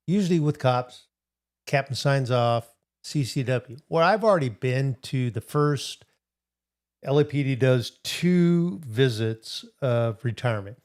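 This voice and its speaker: A middle-aged man hosts a casual livestream, rambling slowly through a story and answering viewers in the chat while recovering from a hip replacement. His voice is medium in pitch and a little mellow.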